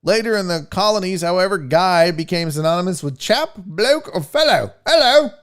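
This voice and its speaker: A man with a high voice hosts his own podcast. His pitch swings all over as he rambles through trivia, cracking jokes and tossing in curse words. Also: expressive, moderate pace, a bit bright. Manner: rambling, jokey and profane. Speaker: podcast host. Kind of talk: casual live podcast chat.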